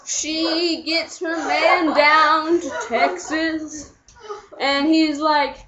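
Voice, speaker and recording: A woman's voice: sits high, flat delivery, drawn-out words, heavy background noise. A young woman casually telling a story on camera, chatty and giggly, acting out her friends' lines. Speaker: vlogger. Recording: dull lo-fi home recording.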